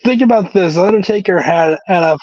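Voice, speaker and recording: A man with a high, darkish, brisk voice co-hosts a casual wrestling recap podcast. He jokes, laughs often and repeats his words, and the recording is dull, lo-fi and dry with no room sound.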